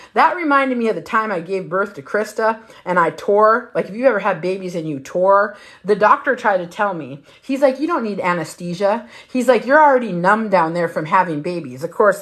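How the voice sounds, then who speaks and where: A woman's voice: medium pitch, brisk, hardly any pauses. A woman in her fifties telling a long, profane story on a livestream, acting out both sides of the conversation. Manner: profane, animated storytelling with quoted voices. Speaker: lifestyle vlogger.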